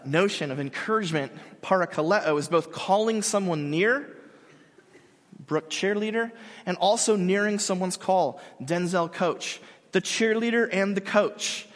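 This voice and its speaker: A man preaching a sermon, telling a story with lively acted-out quotes that swing between loud calls and hushed words. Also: high voice, in a large hall. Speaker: pastor.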